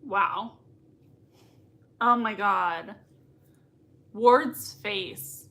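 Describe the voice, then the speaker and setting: A woman's voice: mid-range voice, drawn-out words, sharp tone. A young woman hosting a live reaction stream, gushing and squealing with emotion. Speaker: livestream reaction host. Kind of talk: excited live reaction chat.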